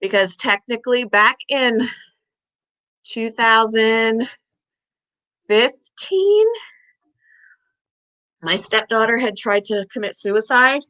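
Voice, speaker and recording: A woman's voice: mid-range voice, bright, forceful tone, low-quality recording. A woman vlogger chatting casually to the camera, telling a long story in a rambling way and sometimes out of breath. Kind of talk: casual chat.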